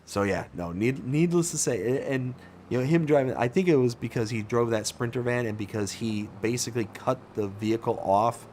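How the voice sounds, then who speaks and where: A man hosting a casual live gaming stream, telling stories with animated reactions and answering viewer chat. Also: medium pitch, brisk, a little hiss or hum.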